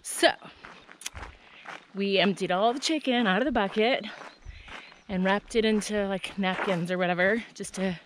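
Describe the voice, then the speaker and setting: A middle-aged woman talking to the camera on a long hike, chatty and excitable, telling stories as she walks. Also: mid-range voice, normal speed, pauses often. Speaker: long-distance hiker vlogger. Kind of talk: casual trail vlog. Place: outdoors on a desert trail. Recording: outdoor noise behind the voice.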